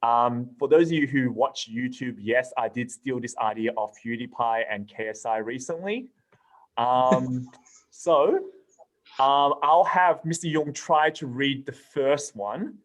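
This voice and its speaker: A man's voice: mid-range voice, a little slow, poor audio. A young man hosting a podcast, upbeat and playful as he prompts his guests. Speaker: podcast host. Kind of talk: casual chat, hosting.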